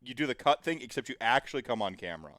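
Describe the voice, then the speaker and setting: A man's voice: medium pitch, animated, rapid-fire, a bit bright, no echo, studio quality. A man in his thirties hosting a casual podcast chat, rambling with plenty of fillers and the odd swear word. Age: 30s. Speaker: podcast host.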